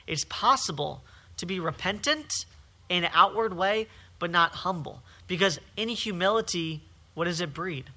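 High, very bright-voiced man preaching. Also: expressive, normal speed. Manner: emphatic, repetitive preaching with rising and falling intensity. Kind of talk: sermon.

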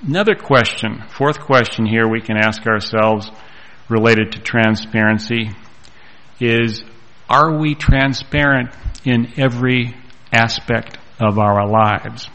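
A man preaching a sermon and reading scripture aloud, with slow, deliberate delivery and pauses. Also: medium pitch, fairly bright tone, rough recording.

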